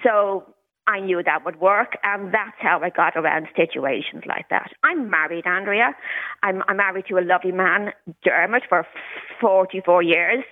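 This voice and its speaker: A woman's voice: lowish voice, moderate pace. A woman, a caller on a radio phone-in, talking candidly with occasional stuttered repetitions. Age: 60s. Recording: tinny phone line.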